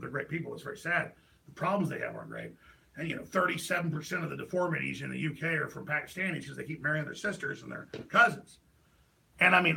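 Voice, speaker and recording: A middle-aged man hosting a talk show, delivering a heated political rant that swings between loud outbursts and low mutters. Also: gravelly.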